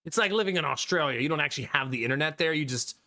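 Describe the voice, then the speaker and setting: A man's voice: a little high, expressive, rapid-fire, gravelly, bright, forceful tone. A man from Ohio streaming live, chatting with viewers, joking around and laughing often into a good studio mic. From Ohio, USA. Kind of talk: casual live-stream chat. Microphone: studio condenser mic.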